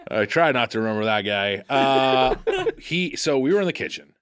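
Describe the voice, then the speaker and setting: A man co-hosting a comedy podcast, teasing his partner and riffing quickly in casual chat. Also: mid-range voice, lively intonation, crowd noise. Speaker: podcast co-host.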